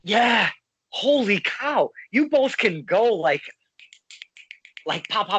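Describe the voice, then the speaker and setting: A man hosting a casual wrestling interview over a video call, excitable and stammering, often repeating his words as he talks. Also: high-pitched, slow pace, background noise. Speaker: interviewer, podcast host.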